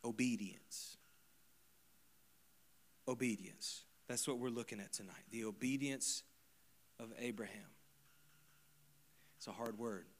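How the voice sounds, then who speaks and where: A man preaching a sermon to a congregation. He moves from quiet, close asides to loud, emphatic repeated lines. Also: mid-range voice, moderate pace, pauses often. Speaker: pastor. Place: church service before a congregation.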